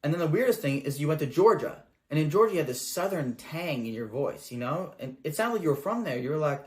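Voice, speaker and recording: Sarcastic man with a higher voice. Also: expressive, fast talker, hardly any pauses, darkish tone. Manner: sarcastic, mock-earnest. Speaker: comedy show host. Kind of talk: satirical comedy monologue.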